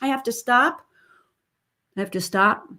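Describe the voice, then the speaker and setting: A woman vocal coach teaching an online singing lesson over a video call, breaking into sung and creaky vocal demonstrations between explanations. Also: fairly high pitch, measured pace, pushed and bright, poor audio.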